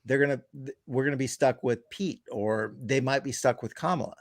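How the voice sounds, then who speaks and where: A man co-hosting a casual podcast, recorded dry with no room sound. His tone is sardonic and dismissive, and he speaks at an easy middle pitch. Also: brisk, no echo. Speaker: podcast co-host. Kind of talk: casual political chat.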